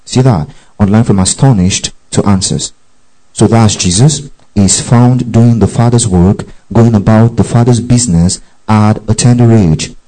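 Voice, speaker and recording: A man preaching a sermon and reading scripture aloud, often repeating verses slowly and asking the congregation whether they are following along. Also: fairly low pitch, warm tone, low-quality recording. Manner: keeps checking in with the congregation, repeats verses and calls out "underline that"; reads scripture slowly and deliberately.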